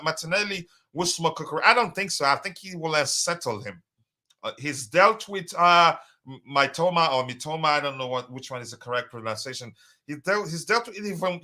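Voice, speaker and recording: Bright-voiced man hosting a live stream. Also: on the high side. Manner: hesitant, many fillers, reads chat aloud. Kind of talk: casual live stream chat.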